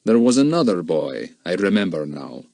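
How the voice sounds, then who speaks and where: A man's voice: low-pitched, big pitch swings, creaky, darkish tone, no room sound, clean studio sound, exaggerated voice. A man doing a coldly polite foreign kidnapper chief. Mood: courteous. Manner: slow, measured, coldly courteous.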